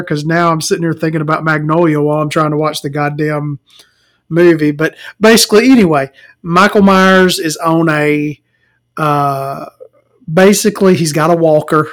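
A man's voice: fairly high pitch, steady tone, a little slow, pauses often. A man ranting about a movie in a rambling, sarcastic, profane way, laughing at his own jokes. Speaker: movie reviewer. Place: home recording, eating and drinking.

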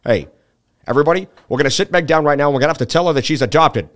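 A man's voice: on the high side, racing, fairly bright tone, lightly acted. A man impersonating a bumbling, blustery cartoon father who bosses his kids around with lots of "hey" and "uh.". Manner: blustery, crude, throws in "hey" and "uh". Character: bumbling loud cartoon dad, crude and blustery.

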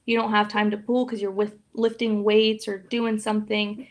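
A young woman speaking as a podcast guest, talking openly and emotionally in a casual, soft way with many fillers. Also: medium pitch, level tone, normal speed. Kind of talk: casual interview chat.

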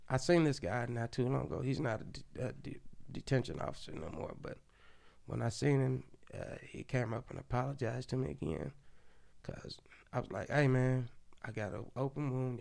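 A middle-aged man with a gravelly, fry-edged voice tells a story as a podcast guest. He talks loosely and profanely, circling back with "you know what I'm saying" and "this, that, and the other." His voice sits at an ordinary middle pitch. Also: normal speed, darkish tone. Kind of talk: storytelling in casual chat.

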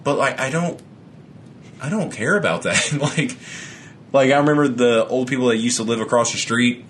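A man in casual chat who rants with lots of swearing, laughs as he talks, and mocks other people in flat put-on voices. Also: medium pitch, moderate pace, a little hiss or hum. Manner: laughs often while talking.

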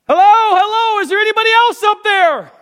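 A man's voice: very high voice, brisk, voice pushed up. A preacher putting on a frantic man hanging off a cliff. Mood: panicked shouting. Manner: yelling desperately, pleading.

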